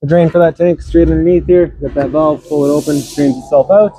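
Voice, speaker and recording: A man's voice: a little high, steady tone, brisk, mellow, poor audio. A man giving a practical, instructive walkthrough of a travel trailer, outdoors and then inside it. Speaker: RV sales walkthrough presenter. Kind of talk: casual product walkthrough.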